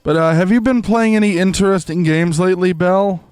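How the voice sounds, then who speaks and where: A man's voice: sits high, a little fast, a little mellow, smooth, no room sound, soft background music. A young man chatting casually to his viewers while live-streaming a game, rambling with lots of fillers. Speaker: livestreamer. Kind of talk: casual chat while gaming.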